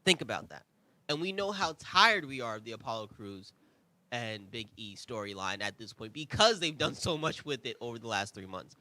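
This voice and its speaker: A man's voice: mid-range voice, moderate pace, no room sound. A young man hosting a review show, talking casually and with strong opinions, full of asides and rhetorical questions. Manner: animated, rambling, conversational asides. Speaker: podcast host.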